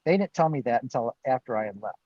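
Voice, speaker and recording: A man's voice: medium pitch, expressive, quick pace, darkish tone, no room sound. A man, a guest on a live Q&A, telling his own story with animation, acting out what he and others said and laughing now and then. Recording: dull, dry lo-fi stream audio.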